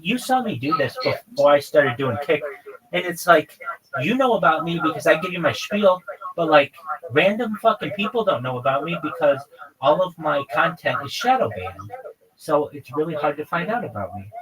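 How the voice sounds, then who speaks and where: A man's voice: on the high side, poor audio. A man live streaming, talking casually in a profane, rambling, exasperated rant. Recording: crowd chatter in background.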